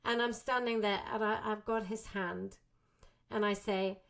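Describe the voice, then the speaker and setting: A woman's voice: medium pitch, unhurried, gravelly. A woman being interviewed as a guest, telling a story with animation and acting out quotes. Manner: animated, acts out quotes of herself and others.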